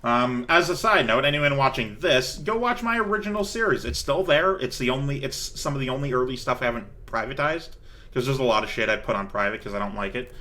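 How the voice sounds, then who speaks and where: Bright-voiced man gaming. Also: medium pitch, lively intonation, fast talker. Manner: chatty, swears freely. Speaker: let's play host. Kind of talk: casual gaming chat.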